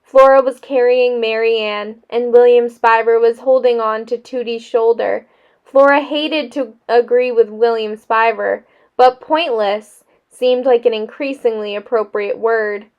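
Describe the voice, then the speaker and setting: Slow, high-voiced woman reading aloud. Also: clean tone, lo-fi sound. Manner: measured and expressive. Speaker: teacher.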